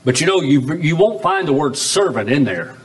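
High-voiced preaching pastor, sweeping emphasis. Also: male voice, very animated. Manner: preaching with sweeping pitch swings, drawn-out emphatic phrases. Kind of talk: sermon. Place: church chapel.

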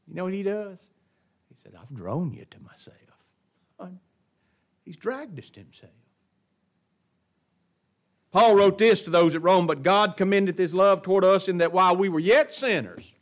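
A man preaching a sermon, asking rhetorical questions and answering them, swinging from hushed drops to emphatic bursts. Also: a little high, animated, a little slow, long pauses.

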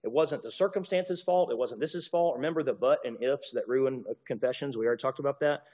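Speaking a little fast in a mellow, medium-pitched voice, a man delivers a sermon as a pastor or teacher. He's animated, often restarting and repeating himself while acting out apologies in varied voices, captured on a dull recording with long reverb.

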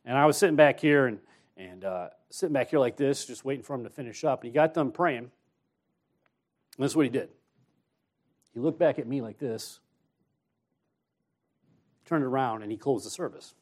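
A man, an associate pastor, preaching a sermon, telling a personal story in an easy conversational way and then exhorting more forcefully. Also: mid-range voice, moderate pace, long pauses. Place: church.

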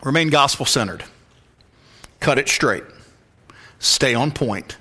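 Bright-voiced man preaching a sermon. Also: mid-range voice, lively intonation, takes it slowly, breathy edge. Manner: emphatic preaching, drops to a hushed whisper for stress. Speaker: pastor. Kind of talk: expository sermon.

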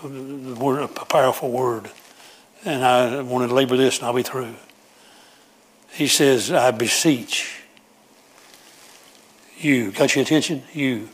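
A man's voice: medium pitch, fairly even intonation, unhurried. A man preaching a sermon, emphatic and repetitive as he pleads with his congregation.

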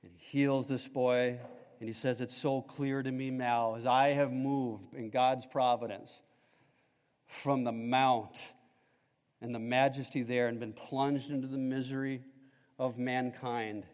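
A man's voice: level tone, unhurried, highs cut off. Fervent preacher man in a reverberant hall. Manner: swings from loud fervent peaks to hushed low passages. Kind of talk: sermon.

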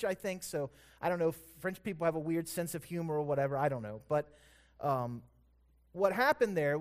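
A pastor preaching a sermon in a relaxed, conversational way. He corrects himself aloud and lets his storytelling build in intensity. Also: fairly high pitch.

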